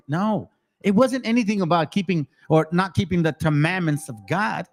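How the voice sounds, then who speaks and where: Excitable high-voiced man teaching scripture. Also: a little fast. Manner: excitable, repeats words, slangy, calls listeners family. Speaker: bible teacher. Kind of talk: casual scripture study talk.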